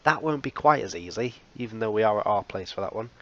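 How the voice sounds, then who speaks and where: Wry low-voiced man. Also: expressive, quick pace, muffled recording. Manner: wry, self-mocking humor. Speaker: let's play host. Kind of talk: casual game commentary.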